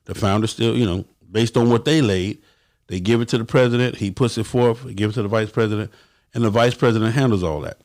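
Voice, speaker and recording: A man's voice: fairly low pitch, fairly even intonation, fast, darkish tone. Blunt profane man on a livestream. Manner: blunt and profane, acts out quotes in a raised voice. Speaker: motorcycle club host giving advice. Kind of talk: livestream talk to viewers.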